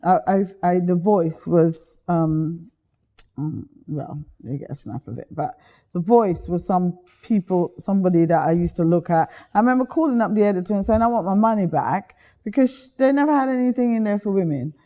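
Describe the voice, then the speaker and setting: Chatty woman with a mellow voice. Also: lowish voice, moderate pace. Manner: lively, chatty, slips into voices while telling stories. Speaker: guest. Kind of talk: animated storytelling.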